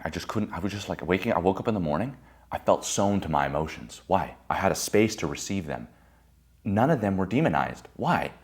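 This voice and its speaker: A man giving a motivational talk to a group, intense and profane, dropping to a hushed whisper for emphasis. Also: low voice. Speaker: motivational speaker.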